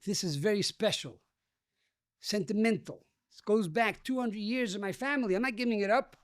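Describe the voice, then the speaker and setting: A man's voice: sits high, moderate pace, no room sound, clean studio sound, close to an everyday voice. A man voicing a young man who firmly refuses to sell a family heirloom. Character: stubborn young Jewish male survivor.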